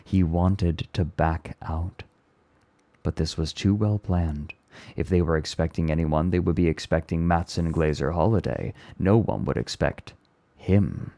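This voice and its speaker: A man streaming himself reading a novel aloud in a measured, deliberate way. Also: deep voice, warm tone, no room sound. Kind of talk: read-aloud storytelling.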